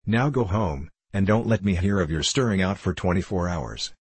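A man's voice: low-pitched, expressive, moderate pace, slightly rough, no echo. A man voicing a haughty, cold young school prefect who speaks sternly. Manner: supercilious, stern.

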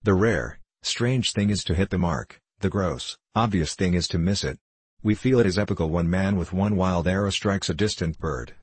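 A man's voice: low-pitched, normal speed, slightly rough, no room sound. A man voicing a passionate young male poet in an audiobook reading, speaking in a declamatory way. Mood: declaiming. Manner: impassioned, declamatory.

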